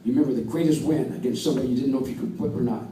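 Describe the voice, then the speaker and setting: A man's voice: medium pitch, fairly even intonation, rapid-fire, warm tone. An older American man, a wrestling coach, giving an earnest induction speech at an awards dinner, repeating his points for emphasis. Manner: earnest, storytelling, emphatic repetition. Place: banquet hall with audience. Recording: distant, echoey hall with faint room noise.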